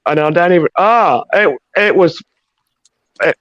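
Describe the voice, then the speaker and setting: High-pitched aussie guy cussing through a story, dry dull call audio, casual chat. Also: animated, a little slow, a bit bright, no echo. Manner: swearing, storytelling, laughing. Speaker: co-host.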